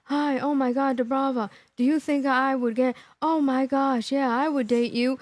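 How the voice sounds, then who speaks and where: An awkward, dull man gushes and rambles while flirting online, as a woman mocks him. The chatter is fawning and full of exclamations. The voice sits high and is recorded dry and close. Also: fairly even intonation, normal speed, a little mellow, dry recording, natural voice. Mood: mocking.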